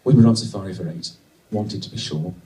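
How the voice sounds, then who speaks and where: A man from Britain doing a stand-up routine, telling a wry story with sudden excited bursts. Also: low-pitched, brisk, distant mic, slight background noise. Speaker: stand-up comedian. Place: comedy venue with a live audience. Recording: echoey venue, mic from afar.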